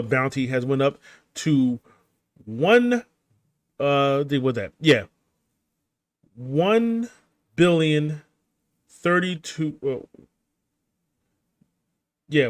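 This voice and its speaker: A man's voice: medium pitch, no echo. Rambling man with a dry close sound. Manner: rambling, filler-heavy, frequent restarts and chuckles. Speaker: gaming channel host recapping a manga chapter. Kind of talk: casual spoken recap over gameplay.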